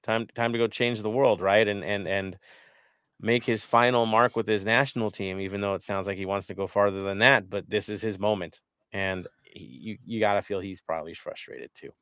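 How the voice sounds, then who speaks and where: A man with a fairly low voice hosts a casual sports talk show. He rambles, restarts his sentences and leans on fillers as he hands questions to his panel. The sound is dry and close to the mic. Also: fairly even intonation, moderate pace, a bit bright, clean tone, no echo. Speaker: podcast host.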